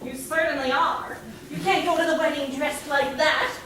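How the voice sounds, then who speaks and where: An actress on stage playing a grand, sardonic older chaperone who talks in a languid, drawling manner. Heard from afar in an echoey hall with loud room noise. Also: female voice, sits high, fairly even intonation, moderate pace, distant mic. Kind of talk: stage musical performance.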